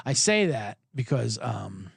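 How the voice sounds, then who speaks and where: A man hosting a sports podcast, telling a comedic rant, profane and animated, acting out both sides of an argument. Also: mid-range voice, slow pace, creaky, slightly rough, no echo, clean studio sound.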